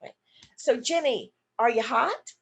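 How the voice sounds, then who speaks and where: A woman's voice: a little high, measured pace, gravelly, breathy edge. A woman nurse educator teaching an online seminar, acting out example questions and answering her own questions as she explains. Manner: demonstrative, acts out example questions to a partner. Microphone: video call.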